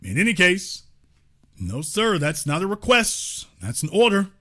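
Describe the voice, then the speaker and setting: Male call-in host, high and lively voice, bright edge; emphatic, mocking, repeats lines for punch. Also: measured pace. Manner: emphatic, mocking, preacher-like repetition. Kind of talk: live call-in show commentary.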